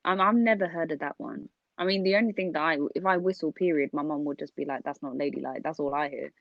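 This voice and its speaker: Young woman co-host, lower voice, lively storyteller, dry recording. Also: fast, vocal fry, dry recording, lo-fi sound. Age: young adult. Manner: animated storyteller, laughs often. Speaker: podcast co-host. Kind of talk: casual storytelling chat.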